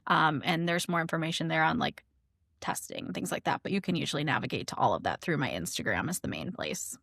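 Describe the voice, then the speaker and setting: A woman with a lowish, gravelly voice chats as a podcast guest. She talks freely, dropping "like" into almost every thought. The sound is close and dry, with no room around it. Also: expressive, fast, fairly bright tone, no room sound. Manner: chatty, lots of "like" fillers. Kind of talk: casual podcast chat.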